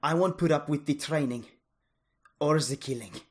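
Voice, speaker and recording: Casting: narrator doing a defiant, distrustful young woman in an audiobook, husky. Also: medium pitch, normal speed, pitched above the performer's own voice, lightly acted. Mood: suspicious. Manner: wary, defiant.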